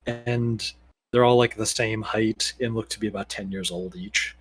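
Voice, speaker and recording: A man's voice: on the low side, steady tone, normal speed, a little hiss or hum. A man narrating as game master for a tabletop game, casual and rambling with many fillers.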